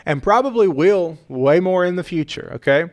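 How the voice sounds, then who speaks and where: In an earnest, heartfelt exchange, this middle-aged pastor and podcaster drives points home by repeating them like a preacher. He speaks at normal speed in a high-pitched voice with lively intonation.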